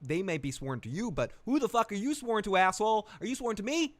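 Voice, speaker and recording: A man voicing a furious young queen who demands loyalty in a raised, shouting voice. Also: medium pitch, animated, a little slow, lightly acted.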